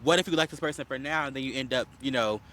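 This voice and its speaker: This podcast co-host is a man with a mid-range voice who talks fast while casually recapping a reality show. Animated in his storytelling, he acts out quotes, uses plenty of fillers, and coughs slightly.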